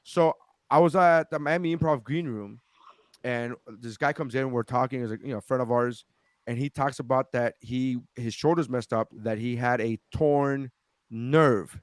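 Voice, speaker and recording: A man's voice: medium pitch, normal speed, no echo, clean studio sound. A man co-hosting a podcast, telling a story in casual chat, acting out quotes and swearing freely. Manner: animated, swears a lot, acts out quotes. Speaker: podcast co-host.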